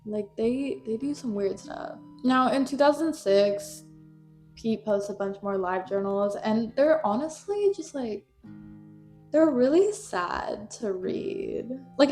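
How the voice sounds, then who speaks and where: A young woman telling a fan-history story in a casual, gossipy way, full of "like"s. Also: mid-range voice. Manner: gossipy, animated, many "like"s. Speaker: YouTuber. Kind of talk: casual commentary video. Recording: echoey room, faint music.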